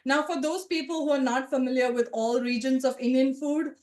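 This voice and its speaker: A woman around forty telling a personal story to a live audience, conversational and animated, with asides to the listeners. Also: high voice, fairly quick, echoey room. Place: event room with a live audience.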